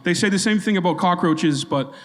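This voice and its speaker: A man's voice: high voice, fairly quick, slight background noise. Joking man in his thirties, hall reverb. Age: 30s. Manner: jokey, self-deprecating, riffing with the crowd. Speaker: comedy podcast co-host. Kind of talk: live stand-up banter. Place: legion hall stage before a live audience.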